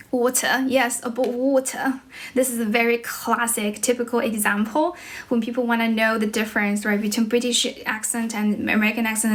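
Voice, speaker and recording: A young woman from China, speaking English with a Chinese accent, chatting on a livestream as an English teacher and switching between English and Chinese as she answers viewers. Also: a little high. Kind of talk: livestream chat.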